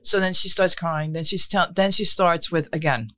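A woman's voice: lowish voice, normal speed, few pauses, dry recording. A middle-aged woman, telling a long story in casual chat and acting out what others said. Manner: animated storytelling, acts out quotes.

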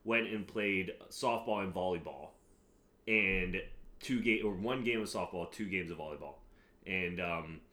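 A hungover man co-hosting a casual podcast, tired and loose as he rambles through his stories. His voice is on the low side, and he jokes around in a laid-back way. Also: unhurried, bright, forceful tone. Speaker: podcast co-host. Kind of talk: casual chat.

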